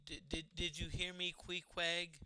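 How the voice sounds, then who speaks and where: Chatty high-voiced man streaming a game. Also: level tone, a little slow, pushed and bright, smooth, low-quality recording. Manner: chatty, exclaims at the game and talks to party members. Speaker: streamer playing a retro computer RPG. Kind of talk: casual gameplay commentary.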